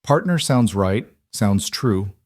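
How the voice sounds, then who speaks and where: A man voicing an earnest, quick-minded young frontier woman in a storybook reading. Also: fairly low pitch, lively intonation, darkish tone, no echo, clean studio sound. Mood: hesitant.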